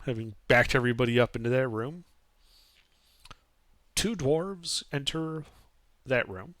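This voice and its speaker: A man narrating as game master of a tabletop game in a casual, animated way with some hesitation. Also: mid-range voice, measured pace, no echo.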